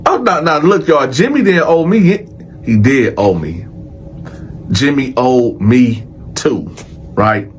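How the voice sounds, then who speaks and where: A man telling a prison story in a casual, animated and profane way, addressing his audience directly. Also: mid-range voice, takes it slowly, pauses often, slight background noise. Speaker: storyteller host.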